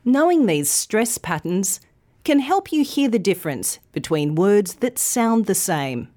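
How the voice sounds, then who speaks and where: A woman leads a pronunciation lesson, drawing out every syllable at an unhurried pace. Her pitch moves about expressively as she models the words. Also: very animated, mellow. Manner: slow, clear, deliberate enunciation. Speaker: English pronunciation teacher.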